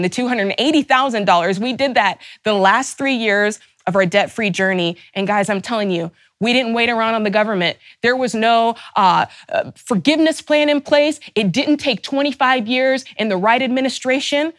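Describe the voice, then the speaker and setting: A woman's voice: fairly high pitch, normal speed, hardly any pauses, dry recording, studio quality. A woman host giving a fervent, emphatic motivational talk, stacking rhetorical questions and openly angry on her listeners' behalf. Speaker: personal finance show host.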